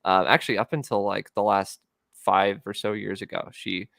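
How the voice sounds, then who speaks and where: A man's voice: fairly low pitch, fairly even intonation, moderate pace, vocal fry, a bit bright, no room sound, clean studio sound. A young man co-hosting a casual stream about toys, joking and rambling and slipping into comic voices. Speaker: podcast co-host.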